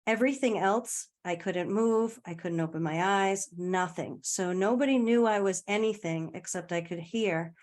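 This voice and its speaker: A woman's voice: medium pitch, moderate pace, hardly any pauses, a little mellow. A woman guest in a casual conversation, telling a personal story in a chatty way, often laughing and trailing off mid-sentence.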